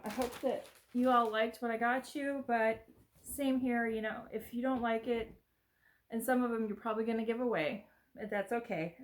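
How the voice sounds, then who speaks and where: A middle-aged woman from the United States, chatting casually and rambling a little as she unboxes gifts on her home vlog. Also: medium pitch. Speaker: vlogger. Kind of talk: casual chat.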